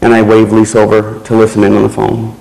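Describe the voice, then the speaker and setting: A man giving a keynote speech, telling a personal story in a slow, measured way with pauses. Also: lowish voice, completely flat delivery, vocal fry, dark tone, rough recording. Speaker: keynote speaker.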